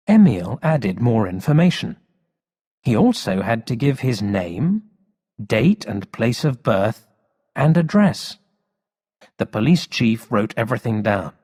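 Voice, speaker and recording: A man reads a storybook aloud in a slow, careful pace meant for learners, with his pitch rising and falling in a lively way. A long hall reverb hangs behind every sentence. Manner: slow, expressive storybook reading. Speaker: story reader. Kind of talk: slow read-aloud narration for English learners.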